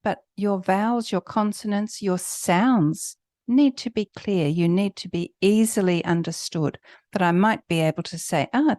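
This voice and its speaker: A woman who is a native English speaker, tutoring for an English test with clear, explanatory talk and slowed emphasis. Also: lowish voice, a little mellow, no echo, clean studio sound. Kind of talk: online teaching.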